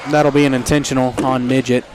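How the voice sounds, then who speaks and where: Male play-by-play caller, energetic and jokey, noisy gym feed. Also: medium pitch. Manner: excitable, jokey, quickens on big plays. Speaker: play-by-play announcer. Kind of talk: live basketball commentary. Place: high school gym.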